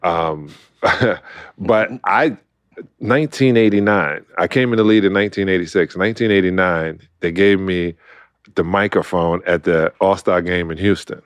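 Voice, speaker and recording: A middle-aged man from Brooklyn, an animated storyteller who acts out quotes and laughs often, talking as a guest in a casual interview. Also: deep voice, normal speed, smooth, no echo. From Brooklyn, New York. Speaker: guest, former basketball player.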